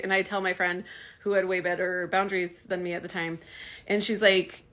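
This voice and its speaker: Bright, emphatic woman giving advice. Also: medium pitch, fairly even intonation, moderate pace. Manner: emphatic, conversational, acts out quoted dialogue. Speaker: social media creator. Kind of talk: direct-to-camera advice vlog.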